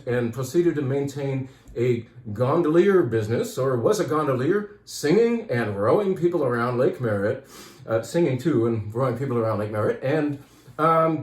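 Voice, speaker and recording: A man's voice: medium pitch, reverberant. A man who runs a wine shop, chatting casually and enthusiastically about upcoming events and club wines, a little out of breath. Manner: chatty, enthusiastic, rambling with restarts. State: out of breath, dry throat. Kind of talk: casual promotional talk.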